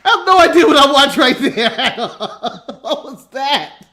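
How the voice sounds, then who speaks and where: A man's voice: very high-pitched, lively intonation, normal speed, bright, forceful tone. An American man co-hosting a casual wrestling recap, laughing often and talking with lots of energy as he goes through his notes. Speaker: podcast co-host.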